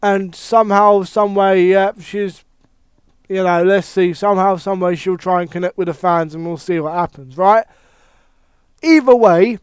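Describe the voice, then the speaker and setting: High-voiced, swearing wrestling pundit man. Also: smooth, dry recording. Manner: animated, heavy swearing, thinks aloud with restarts. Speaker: wrestling commentator. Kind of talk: casual wrestling opinion monologue.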